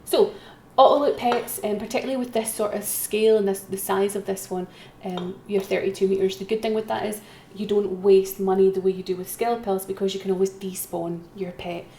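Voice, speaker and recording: An auction host runs a live-streamed auction from her computer, chatting and poking fun at herself while repeatedly calling for bids. Her mid-range voice is steady, mellow, fairly quick, and has few pauses. The roomy space echoes, with faint keyboard typing and a little hiss or hum underneath.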